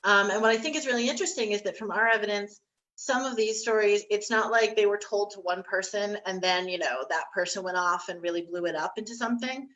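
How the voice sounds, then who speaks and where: A woman on a history panel, chatting easily through stories with plenty of ums and restarts. Her pitch sits at an ordinary middle level for a woman. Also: brisk, a bit bright, rough recording. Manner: chatty storyteller, many fillers and restarts. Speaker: historic site staff panelist. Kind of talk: casual panel discussion.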